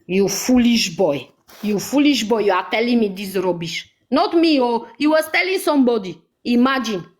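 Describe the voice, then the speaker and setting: A woman's voice: a little high, expressive, moderate pace. Angry woman scolding on a vlog. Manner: scolding, repeats insults and accusations. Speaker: vlogger. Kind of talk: angry live vlog rant.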